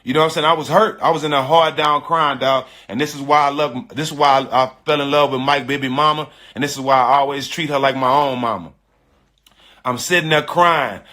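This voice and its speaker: A middle-aged man telling a personal story in casual, slangy speech, animated and emphatic, often repeating his phrases. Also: on the high side. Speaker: storyteller on a live stream.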